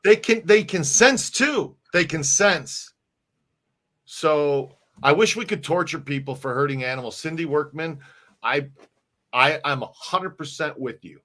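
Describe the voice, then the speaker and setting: A middle-aged podcast co-host speaks in an unhurried, fairly high voice with a sharp tone during a relaxed live-stream chat. He rambles, regularly restarting and repeating words.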